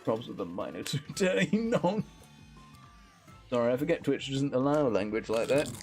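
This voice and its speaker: A man's voice: mid-range voice, big pitch swings, normal speed, soft background music. A young British man streaming a game, chatting casually with friends and bursting into laughter.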